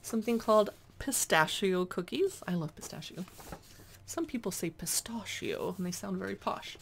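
A chatty woman reviewing a cookbook, reading dish names aloud and adding quick asides. Her pitch moves around a lot, with a gravelly edge to her voice. A faint noise sits behind her. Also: expressive. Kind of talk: casual cookbook flip-through.

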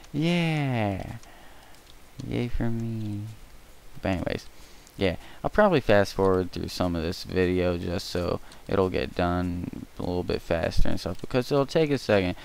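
A young man talks loosely as he builds, a low voice with a gravelly edge. He jokes and rambles without a script, recorded on a cheap mic with a little echo and a faint hiss underneath. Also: animated, measured pace, darkish tone. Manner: goofy, rambling, breaks into silly singing and mock threats. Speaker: gaming tutorial creator. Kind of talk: casual building commentary.

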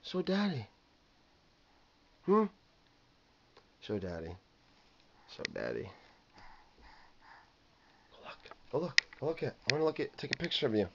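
A father in a home video gently coaxing his toddler, repeating questions and prompts over and over. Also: mid-range voice, wildly swooping pitch, unhurried, gravelly, pauses often. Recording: muffled home video with faint noise.

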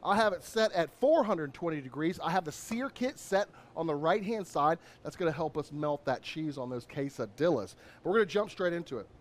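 Male chef, upbeat and chatty, high-pitched, cooking demo host. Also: lively intonation, fairly quick, few pauses. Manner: upbeat, chatty, lots of shout-outs.

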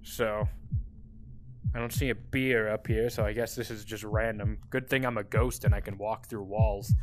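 A young man commenting on a VR game he is playing, joking and swearing, with sudden shrieks and yells when he is chased. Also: mid-range voice, moderate pace, dry recording. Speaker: gaming streamer. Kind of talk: VR gameplay commentary.

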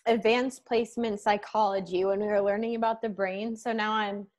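A woman's voice: medium pitch, steady tone, moderate pace, a little mellow. A woman taking part in an online book club, chatty and casual with many filler words. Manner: chatty, uses "like" often. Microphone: video call.

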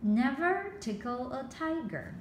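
A woman reading a children's storybook aloud in a slow, expressive way with dramatic pauses. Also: high voice. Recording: roomy echo with faint background hum.

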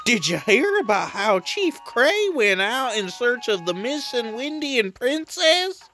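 A woman's voice: a little high, sing-song, takes it slowly, over music, voice pushed up, full character voice. A woman voicing a proud villager from a warrior clan, with an American Southern accent and a folksy drawl.

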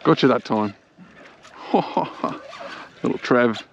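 Gravelly Australian man fishing a creek. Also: mid-range voice, normal speed, highs cut off, a little hiss or hum. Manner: excitable, chatty, talks to the fish. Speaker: angler filming his own fishing trip. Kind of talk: casual fishing vlog commentary. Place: on a small boat on a creek outdoors.

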